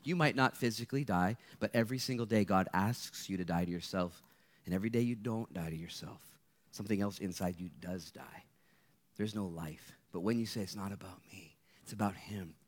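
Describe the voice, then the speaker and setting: A man, a guest speaker, preaching a lively sermon to students at a live gathering, playful and energetic, jumping from loud bursts to hushed asides. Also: lowish voice, normal speed, long pauses.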